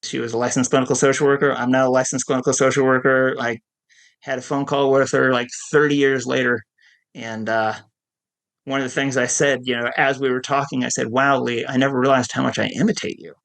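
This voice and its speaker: A middle-aged man with a gravelly, fry-tinged voice, speaking at an ordinary mid pitch. He tells his recovery story candidly and pokes fun at himself. He laughs easily as he speaks as an interview guest. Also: level tone, brisk, a bit bright. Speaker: guest, addiction counselor.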